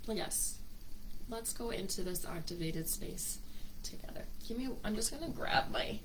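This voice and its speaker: A woman's voice: mid-range voice, lively intonation, unhurried, noisy background. A woman hosting a live spiritual workshop, gushing and emotional as she greets viewers by name.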